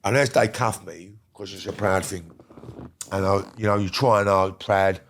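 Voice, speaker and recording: A middle-aged man tells his story in a blunt, heated way. He swears freely and leans hard on his words. His voice sits on the low side. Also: steady tone, normal speed, a bit bright, a little hiss or hum. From Britain. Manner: heated, profane, emphatic storytelling. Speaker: interview guest. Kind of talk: casual storytelling.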